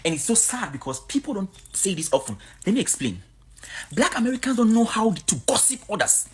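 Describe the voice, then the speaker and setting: A woman's voice: medium pitch, big pitch swings, fairly quick, breathy edge. A woman from Cameroon, giving a blunt, outspoken vlog monologue. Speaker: vlogger.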